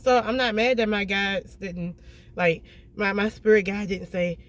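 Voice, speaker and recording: A tarot reader giving a casual reading to viewers, blunt and emphatic, swearing freely and often checking in with a quick "okay?". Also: medium pitch, fairly even intonation, a bit bright.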